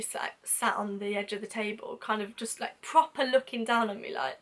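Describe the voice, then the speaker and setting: A woman's voice: mid-range voice, fairly even intonation, normal speed. A young British woman telling a storytime vlog in a chatty, self-mocking way. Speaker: vlogger.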